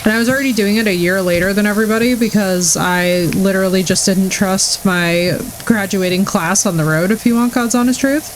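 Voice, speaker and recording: A young adult woman streamer in casual live-stream chat, gushing and excitable as she talks to her chat. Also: medium pitch, brisk, hardly any pauses, a little hiss or hum, poor audio.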